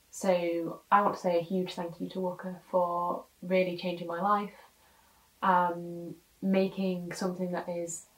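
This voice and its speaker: A woman speaking frankly and earnestly in a personal review, with many pauses and filler words. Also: lowish voice. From United Kingdom. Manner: frank, earnest, many ums, gets emotional. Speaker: podcast guest reviewer. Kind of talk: personal product review monologue. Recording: roomy echo, distant mic.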